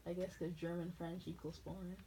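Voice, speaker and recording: A woman's voice: lowish voice, level tone, a little fast, mellow, a little hiss or hum, rough recording. A woman from New England rambling through tangents in a casual chat. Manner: rambling, jumps between tangents.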